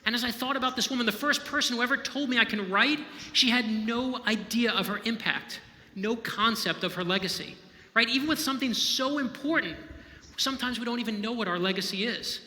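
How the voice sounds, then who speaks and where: A man's voice: very high voice, a little fast, sharp tone. A man, a novelist, giving an inspirational storytelling talk in a conversational, emphatic way, often checking in with the audience. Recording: echoey hall with long reverb.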